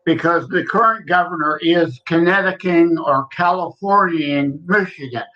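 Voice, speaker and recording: An earnest man co-hosting a podcast speaks in a matter-of-fact way, his voice a little higher than most men's. His sound comes through dull and lo-fi. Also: normal speed. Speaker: podcast co-host. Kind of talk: casual podcast chat.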